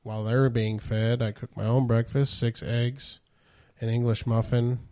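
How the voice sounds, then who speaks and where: Casting: man with a dark, mellow voice, plain profane podcast talk, dry close sound. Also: medium pitch, level tone, a little slow, no room sound. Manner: matter-of-fact, profane storytelling. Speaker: podcast co-host. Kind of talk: casual chat.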